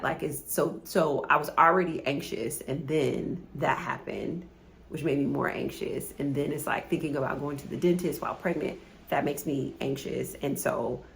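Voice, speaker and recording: A woman of about forty chatting casually to camera as a vlogger, rambling and halting, often repeating words as she confides. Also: sits low, creaky, a little hiss or hum. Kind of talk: casual chat.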